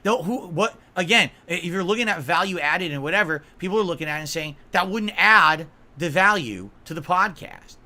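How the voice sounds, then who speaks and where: A streamer with a high, sharp voice rants on a livestream at a fairly quick clip, barely pausing. He sounds aggrieved and emphatic, swears, and keeps asking viewers "right?" and "okay?"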